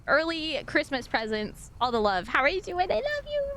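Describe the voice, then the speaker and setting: A woman streaming as a VTuber, chatting casually and reading her chat aloud, bubbly and excitable, often laughing and close to tears. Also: high-pitched, moderate pace. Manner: emotional, on the verge of tears.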